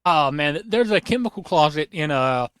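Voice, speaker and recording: Excitable young man, higher voice, dry mic. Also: moderate pace, clean tone, dry recording. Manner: excitable, rambling, lots of fillers and restarts. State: losing his voice. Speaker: podcast host. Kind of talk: casual podcast chat.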